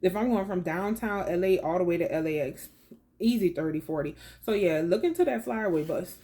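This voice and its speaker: A woman's voice: fairly low pitch, a little fast. A woman, telling a travel story in a chatty, slangy vlog style. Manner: chatty and slangy, with animated retold dialogue. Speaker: vlogger.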